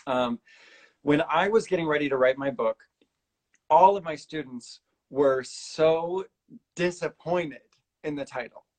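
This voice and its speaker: A male podcast host with a slightly raised voice talks in an earnest, rambling way. He is casual and animated and breaks into quick impressions of other people. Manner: animated, imitates others with big pitch jumps. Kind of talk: casual conversational interview.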